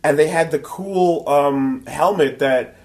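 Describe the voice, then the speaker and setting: A man chatting casually on a podcast, telling convention stories with plenty of "like" and "um." He jumps into other people's voices when he quotes them, pitching his voice up for their lines. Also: slow pace. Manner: animated storyteller, acts out quotes in a high voice. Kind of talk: casual chat.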